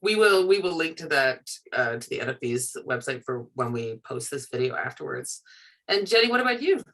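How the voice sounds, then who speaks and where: A woman moderating a video-call panel, encouraging and quick to laugh. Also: a bass voice, big pitch swings, fairly bright tone. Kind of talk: hosting a panel conversation.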